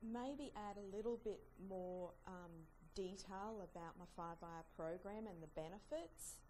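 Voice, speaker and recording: A woman with an Australian accent, answering feedback on her presentation in a workshop, chatty and quick to laugh. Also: mid-range voice, darkish tone, slight background noise, rough recording.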